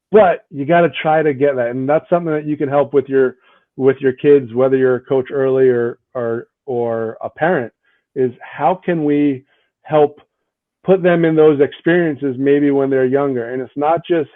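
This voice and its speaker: A man's voice: medium pitch, no echo. A man being interviewed as a guest hockey coach, talking earnestly and often tagging his points with "right? like". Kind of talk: conversational interview answers. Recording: tinny phone-like line, dry.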